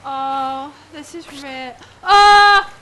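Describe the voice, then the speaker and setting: A woman's voice: sits high, extremely slow, bright, forceful tone, a little hiss or hum. A young woman with a gaming headset, giving horror game let's play commentary; jumpy, she shrieks and swears when startled. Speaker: gaming channel host.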